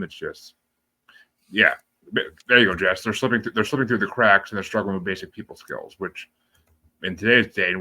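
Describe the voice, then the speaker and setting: Low-voiced man, bright and laughing. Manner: loose, swears casually and laughs often. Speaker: podcast host. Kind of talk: casual interview chat.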